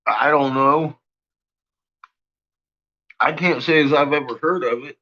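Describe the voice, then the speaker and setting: Male streamer, husky voice, rambling and profane, muffled lo-fi mic. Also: on the high side, takes it slowly. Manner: rambling, profane, laughs often. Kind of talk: casual chat with viewers.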